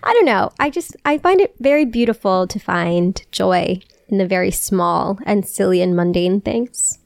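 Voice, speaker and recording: A woman's voice: mid-range voice, lively intonation, moderate pace, creaky, no echo, studio quality. A young woman co-hosting a podcast, chatting in a playful, emphatic way. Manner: playful, emphatic, sometimes swears. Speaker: podcast co-host. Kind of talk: casual chat.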